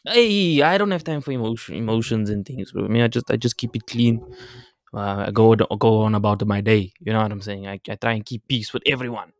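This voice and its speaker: A man's voice: on the low side, brisk, no room sound, clean studio sound. A young man co-hosting a podcast, joking and boasting in casual banter, often restarting his sentences. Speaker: podcast co-host.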